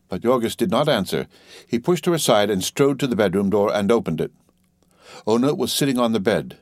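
A man narrating a novel as a steady, dramatic audiobook reading, lightly voicing the dialogue. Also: fairly low pitch, fairly quick, dry recording, studio quality.

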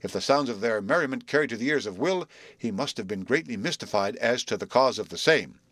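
A man narrating a storybook reading in an expressive, measured way. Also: mid-range voice, no echo.

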